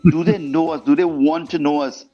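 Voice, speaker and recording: A man being interviewed as a guest singer, telling stories in a lively way and acting out the voices of the people in them. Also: fairly high pitch, a little fast. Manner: animated storyteller, acts out quoted voices. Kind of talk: storytelling interview chat. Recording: muffled podcast audio with faint music.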